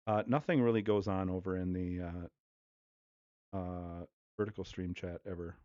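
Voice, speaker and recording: A man's voice: low-pitched, fairly even intonation, normal speed, mellow, no echo. A man livestreaming from home, chatting loosely and crudely while giving offhand play-by-play of a game on TV. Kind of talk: casual livestream chat. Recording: dull lo-fi dry sound.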